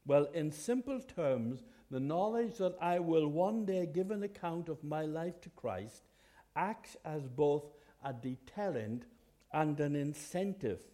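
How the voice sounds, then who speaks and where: Male preacher, earnest and chatty, restarts a lot, mellow warm voice. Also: on the high side, animated, slow. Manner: earnest, conversational, with hesitant restarts. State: occasional cough. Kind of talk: sermon.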